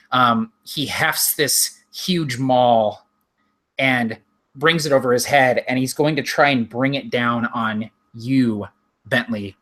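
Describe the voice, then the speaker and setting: A man running a tabletop game as game master, narrating in an unhurried, descriptive way with frequent ums. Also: mid-range voice, bright, forceful tone.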